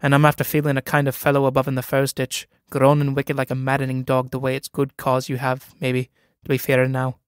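A man's voice: fairly high pitch, steady tone, a little fast, smooth, no room sound, clean studio sound, close to an everyday voice. A man reading a play aloud, voicing a timid, awkward young farmer who speaks uneasily and hesitantly.

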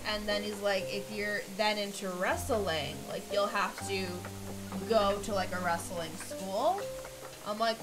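A woman's voice: mid-range voice, lively intonation, normal speed, over music, low-quality recording. A young woman in casual chat as a stream guest, talking in a slangy Valley Girl manner and swearing freely.

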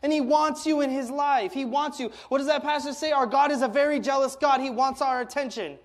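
Excited young youth pastor preaching. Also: male voice, very high voice, a little fast. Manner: animated, stumbling over words when excited. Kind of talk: sermon.

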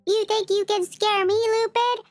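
A menacing masked slasher killer, voiced by a man in a video game speaks slowly and suspiciously. His voice sits strangely high. Faint game music plays behind it. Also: level tone. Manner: threatening, suspicious. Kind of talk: AI-generated game character dialogue.

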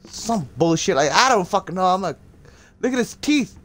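A man's voice: high voice, very animated, normal speed, a bit bright. A young man live-streaming a horror game, swearing constantly and screaming when startled. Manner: profane, jumpy, screams in fright.

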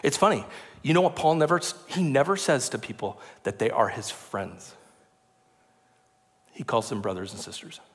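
A man's voice: medium pitch, moderate pace, pauses often. A man preaching a sermon in a church, joking and chatty as he explains scripture. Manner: lively, joking, conversational preaching. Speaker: pastor. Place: church sanctuary. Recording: long reverb of a large church hall.

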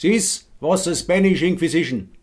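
A man with a Hessian German accent playing a pompous, bumbling male inquisitor who declaims loudly and trips over his own lines. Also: on the high side, normal speed, close to an everyday voice. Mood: declaiming.

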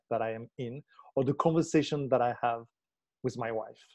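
A man's voice: mid-range voice, dark tone. A man, a relationship coach, explaining his ideas reflectively in an interview and checking in with the listener as he goes. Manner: reflective, checks in with tag questions.

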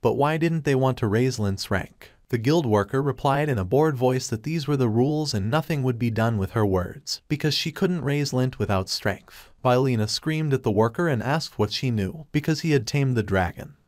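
Man, scripted story narration, steady delivery, mid pitch, dry close sound. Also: no room sound. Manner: flat, even storytelling in third person. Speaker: recap narrator.

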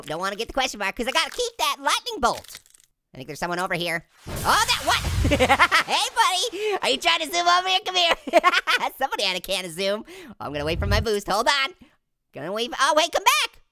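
A hyper cartoon orange squeaks and cackles through a let's-play, bragging and teasing everyone with silly potty jokes. His voice sits very high and swoops wildly up and down. Bouncy game music plays behind him. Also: bright, forceful tone, exaggerated voice. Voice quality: squeaky, giggling constantly. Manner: goofy, boastful, trash-talking with toilet humor. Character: cheeky hyper male talking orange. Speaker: gamer.

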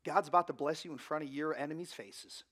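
A man imitating a smooth-talking male prosperity preacher who makes soothing, coaxing promises of blessing, in a voice lower and softer than his own. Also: quick pace.

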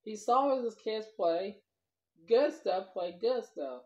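A woman's voice: medium pitch, animated, takes it slowly, darkish tone. A woman vlogger telling a children's story, rambling loosely and talking to the kids as boys and girls. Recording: dull lo-fi recording.

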